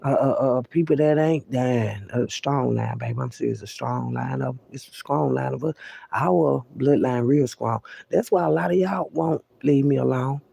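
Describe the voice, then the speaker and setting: A man's voice: mid-range voice, moderate pace, gravelly, warm tone, slightly rough, dry recording. A man talking straight to the listener in a casual, profane, emphatic monologue, often repeating himself. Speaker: vlogger.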